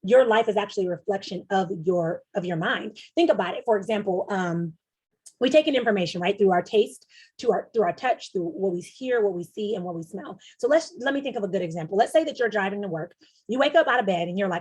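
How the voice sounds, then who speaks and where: A young adult woman coach giving a casual, animated teaching talk, acting out little inner voices as she explains. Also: mid-range voice, fast, slightly rough. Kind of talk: teaching presentation.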